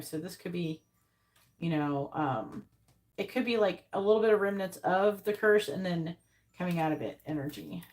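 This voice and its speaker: A woman's voice: on the low side, a little hiss or hum, poor audio. A woman giving a casual live-stream tarot reading, blunt and chatty, who swears and repeats her questions to the cards. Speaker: tarot reader.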